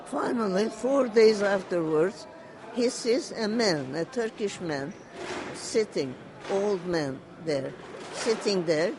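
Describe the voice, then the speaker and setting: A person slowly recounting a family story in an oral history interview, halting, repeating phrases and passing on quoted words. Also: mid-range voice, expressive, background noise.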